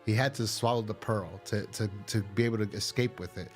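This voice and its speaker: A man's voice: fairly low pitch, fairly quick, faint music behind. A man co-hosting a horror podcast, recapping an episode in a rambling, casual way, swearing now and then. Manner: rambling, full of fillers and profanity. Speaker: podcast co-host.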